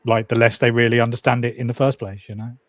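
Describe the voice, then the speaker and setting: A man on a livestream panel, musing in an even, open-minded way. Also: mid-range voice, fast talker, no echo. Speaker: livestream guest. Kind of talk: casual chat.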